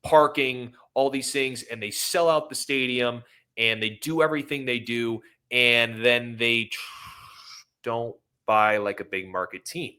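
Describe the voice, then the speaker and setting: A man's voice: mid-range voice, steady tone, a little slow, sharp tone, smooth. A man co-hosting a sports podcast, ranting with emotion and apologizing for it. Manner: impassioned, rambling, apologetic. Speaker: podcast co-host. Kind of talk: emotional casual sports talk.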